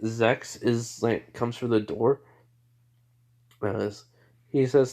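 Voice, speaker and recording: A man's voice: medium pitch, steady tone, takes it slowly, long pauses, darkish tone. Rambling man telling a fan story. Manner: rambling, full of fillers like "you know" and "like". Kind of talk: improvised spoken fan fiction.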